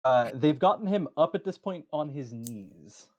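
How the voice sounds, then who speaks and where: Slow, easy game master narrator, man, muffled stream audio. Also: on the high side, animated, a little mellow.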